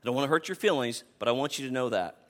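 A man in his fifties preaching a sermon as pastor, emphatic and animated, repeating words as he builds a point. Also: mid-range voice, rapid-fire. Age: 50s.

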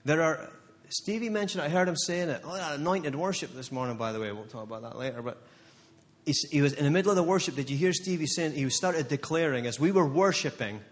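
A man's voice: fairly high pitch, animated, quick pace, big-room sound. A male pastor preaching a sermon, impassioned and building to fired-up declarations with emphatic repeated phrases.

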